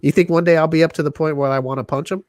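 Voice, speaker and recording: A man's voice: on the high side, steady tone, rapid-fire, dry recording, clean studio sound. A man co-hosting a podcast, teasing his friends in crude, laughing banter. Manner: joking, teasing, loose and laughing. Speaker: podcast co-host.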